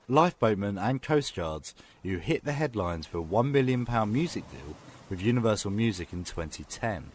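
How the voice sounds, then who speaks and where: A man's voice: mid-range voice, slight background noise. Podcast guy talking films, voice bounces up and down a lot, laughs and ums along the way. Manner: animated, with lots of ums and laughs. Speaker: podcast co-host and film reviewer. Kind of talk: casual chat and scripted review.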